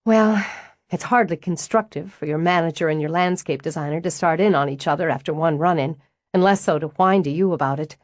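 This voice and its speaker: Narrator as earnest young widow, apologetic, carefully polite, low-pitched read. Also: female voice, a little fast, no room sound, studio quality, lightly acted. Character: earnest, tightly wound young widow, a manager.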